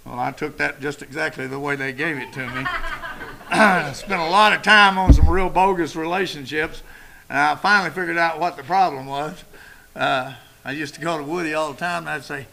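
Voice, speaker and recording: A man's voice: a little high, moderate pace, gravelly, bright, forceful tone, poor audio. An older man speaking at a recovery meeting, telling his story in a blunt, profane, storytelling way. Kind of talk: personal recovery talk. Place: meeting room.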